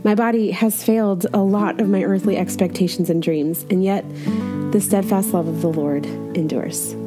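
A woman's voice: medium pitch, steady tone, moderate pace, over loud music. A woman in her thirties candidly sharing a personal faith story, reflective and laughing lightly at herself. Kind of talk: personal devotional testimony.

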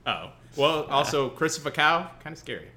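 A man's voice: on the high side, animated, moderate pace, pushed and bright. A man from Central Illinois with a light Central Illinois accent, co-hosting a casual podcast chat in a rambling, self-mocking way, laughing often. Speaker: podcast co-host. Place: indoor room, guest seated across.

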